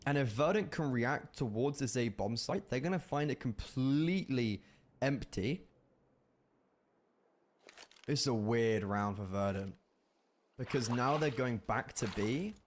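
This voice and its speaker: A man casting a live competitive shooter match as play-by-play commentator, animated and rising in bursts at big plays. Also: mid-range voice, unhurried, long pauses. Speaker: esports caster.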